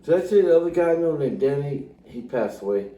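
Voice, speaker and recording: Older man telling a lively story, echoey room. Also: on the high side, fast talker. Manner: animated, laughs often, acts out voices. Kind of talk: casual storytelling.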